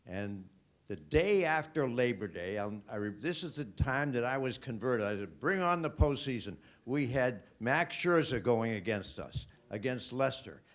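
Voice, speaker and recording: A man on a panel recalling a baseball season, talking earnestly with many filler pauses. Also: mid-range voice. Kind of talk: reminiscing on a panel. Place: hotel event room.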